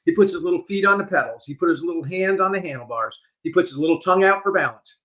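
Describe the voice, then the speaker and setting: An older man with a fairly high voice tells his stories with real animation. He leans into every vivid detail, the way a guest does in a lively podcast interview. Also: fast. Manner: animated storyteller, vivid delivery. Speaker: guest speaker.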